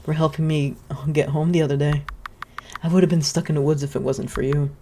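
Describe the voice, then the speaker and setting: A woman's voice: low voice, fairly even intonation, fairly quick, mellow, slight background noise. A woman voicing a shy, polite little scarecrow boy from a video game, sounding eager and earnest. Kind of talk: reading game dialogue aloud.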